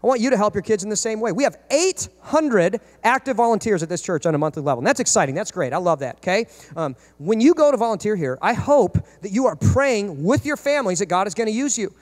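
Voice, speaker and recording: Fast-talking high-voiced male pastor. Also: sing-song. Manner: emphatic, rhetorical questions. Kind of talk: sermon.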